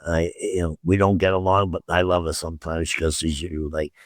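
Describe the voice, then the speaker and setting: A man with a low voice recounts a story in loose, casual talk, tripping over his words and restarting often. He acts out what each person said and swears freely. The sound is dry and close. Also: steady tone, fairly quick, dry recording. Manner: rambling, stammers and repeats, acts out quoted dialogue with frequent swearing. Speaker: podcast guest.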